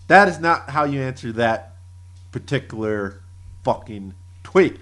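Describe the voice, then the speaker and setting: A man's voice: medium pitch, lively intonation, unhurried, a bit bright. A man co-hosting a casual podcast, reading out tweets with laughter and crude jokes. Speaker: podcast co-host.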